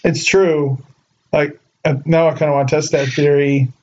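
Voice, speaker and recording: Guy cohosting a podcast, kinda high voice, rambles a lot, muffled lo-fi audio. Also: little pitch movement, moderate pace, darkish tone. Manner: rambling, heavy use of filler words. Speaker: podcast co-host. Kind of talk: casual chat. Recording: muffled lo-fi recording.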